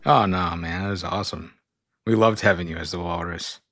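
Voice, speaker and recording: A man co-hosting a podcast, telling stories in relaxed casual chat. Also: sits low, fairly quick, no room sound. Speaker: podcast co-host.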